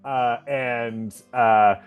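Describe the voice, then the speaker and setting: Man, game master, tabletop game, halting, many fillers, laughs often. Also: medium pitch, steady tone, smooth, phone-quality sound, soft background music.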